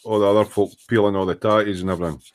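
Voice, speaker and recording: Low-voiced Scottish man joking at his bench. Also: steady tone, rapid-fire. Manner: banter, swearing, dry jokes while sanding. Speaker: hobby model maker hosting a live stream. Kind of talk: casual chat while working at the bench. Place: hobby workbench indoors.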